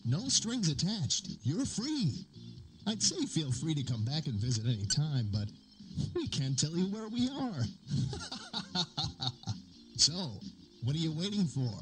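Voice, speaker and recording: A man voicing a cheerful corporate orientation narrator who gives a sales-pitch welcome laced with dark jokes. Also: background noise. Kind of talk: scripted promo narration. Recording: over loud music.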